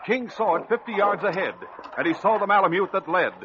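Brief: male narrator, slightly high voice, vivid storytelling; dull, hissy old radio sound. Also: brisk. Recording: dull old radio recording with heavy hiss.

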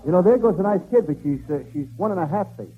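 A man doing a fast, wisecracking, whiny comic routine in a 1940s radio comedy. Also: high-pitched, lively intonation, very noisy. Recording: tinny old radio broadcast with music.

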